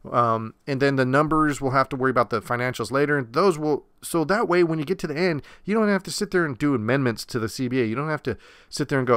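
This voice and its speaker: A young man delivers a heated solo podcast rant, blunt and sarcastic. His voice is smooth and resonant, at a mid pitch for a man. It sounds dry and close to the mic. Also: fast talker, a bit bright, dry recording. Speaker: podcast host.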